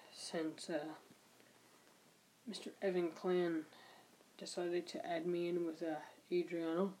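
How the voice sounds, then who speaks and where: Young man, vlogger, furious dictation, swears constantly, mellow low-key tone. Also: a little hiss or hum, low-quality recording. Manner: angry, profane, speaks punctuation aloud. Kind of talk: casual vlog, dictating a text message aloud. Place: home room at night.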